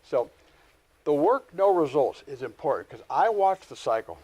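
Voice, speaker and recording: A middle-aged man teaching a live real estate class, lecturing with folksy stories and animated asides. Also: a little high, moderate pace, husky.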